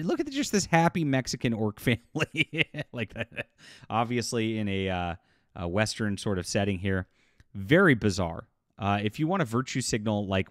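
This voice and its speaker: A man talks straight to his audience in a loose, mocking commentary, scoffing and chuckling as he goes. His voice sits on the low side, and the sound is dry and close with no room around it. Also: dry recording. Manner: scornful, mocking, laughs often, many fillers. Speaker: YouTube commentator. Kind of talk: casual commentary vlog.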